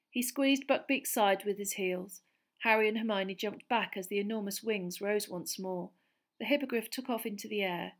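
Female narrator, measured storybook reading at a medium pitch. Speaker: audiobook narrator.

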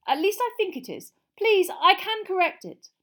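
Woman doing middle-aged wizard father, kindly, flustered, pleading, high raised voice, storybook reading. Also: very animated, normal speed, a little mellow, husky, heavily acted. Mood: desperate.

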